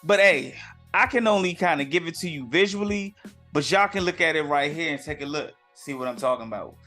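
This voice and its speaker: A man's voice: on the high side, lively intonation, brisk, music in the background. A man hosting a sports podcast segment, giving his casual take on the week's news with slang-filled, exasperated asides.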